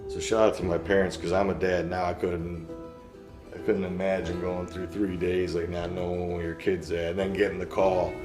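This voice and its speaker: A man's voice: sits low, level tone, normal speed. A young man telling his story in a casual interview, rambling and slangy, acting out what people said to him. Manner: slangy, rambling, acts out quotes. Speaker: interviewee, shooting survivor. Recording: roomy with faint music.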